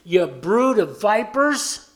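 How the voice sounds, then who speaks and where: A man's voice: high-pitched, sing-song, slow pace, pitched above the performer's own voice, exaggerated voice. A man voicing a fiery male desert prophet who scornfully rebukes religious elites, thundering his lines. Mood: scolding.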